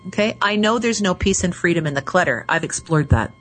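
A woman hosting a call-in radio show, slowly and soothingly guiding listeners through affirmations. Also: lowish voice, expressive, a bit bright, slight background noise, rough recording. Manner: slow, soothing, guides affirmations. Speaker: radio show host and coach.

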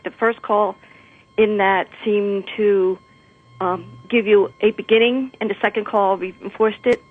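A woman from New Jersey calling into a radio show, speaking hesitantly with many pauses. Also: medium pitch, breathy edge. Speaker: caller. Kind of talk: call-in on the radio. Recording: tinny phone line.

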